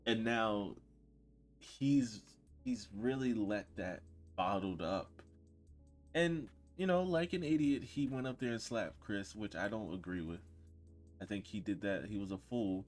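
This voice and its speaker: A man co-hosting a casual podcast chat, blunt and opinionated, laughing loudly and then dropping to a mutter. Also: lowish voice. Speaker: podcast co-host.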